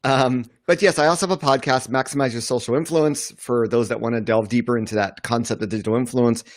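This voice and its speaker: A middle-aged man, a marketing author, speaking as a guest in a casual video-call interview, confident and relaxed. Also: mid-range voice, fast talker, no room sound, clean studio sound. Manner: confident, relaxed, uses "you know". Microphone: video call setup.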